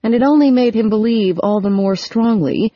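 A woman narrating a romance novel as an audiobook, steady and even, close on the mic. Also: on the high side, moderate pace, no room sound, dull audio. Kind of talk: scripted narration.

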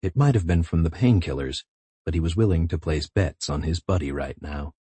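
A man narrating a novel in a measured, intimate reading. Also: deep voice, animated, dark tone, husky, dry recording. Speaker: audiobook narrator. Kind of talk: scripted narration.

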